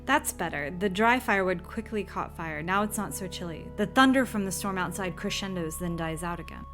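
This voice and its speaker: A woman's voice: fairly low pitch, brisk, loud music behind the voice. A woman playing through an old horror computer game, reading its text aloud with dramatic flair and dropping wry asides. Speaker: game streamer.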